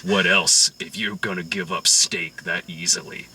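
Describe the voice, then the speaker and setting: A man putting on the voice of a menacing middle-aged male mob boss, talking low, quiet and threatening. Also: steady tone, measured pace, slight background noise, heavily acted. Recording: distant mic.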